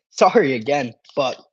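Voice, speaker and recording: A male sports podcast host talking casually on a live stream, excitable and animated, with a parched throat that keeps making him cough and clear it. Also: medium pitch, slow, no echo, lo-fi sound.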